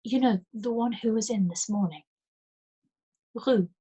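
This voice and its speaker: A woman voicing an anxious, frightened grown woman who hesitates and falters, her voice turning shrill. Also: a little slow, dark tone, slightly rough, lo-fi sound. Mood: uneasy.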